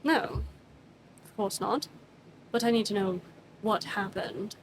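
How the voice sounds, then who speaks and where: A woman's voice: mid-range voice, slow, a little hiss or hum, voice pushed down, poor audio. A woman voicing a stern man who presses hard with cold, probing questions. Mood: cold, pressing.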